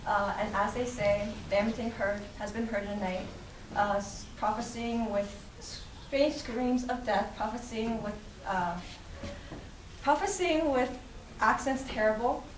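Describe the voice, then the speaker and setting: A teenage girl in a school stage performance, reciting lines haltingly with fillers. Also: on the high side, slight background noise. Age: teens. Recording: echoey room, distant mic.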